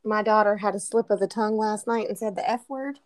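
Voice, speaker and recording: A woman's voice: medium pitch, fairly quick, crowd noise. A woman in her thirties co-hosting a casual book podcast, telling stories and acting out quotes. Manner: animated storyteller, acts out quotes. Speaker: podcast co-host. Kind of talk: casual chat.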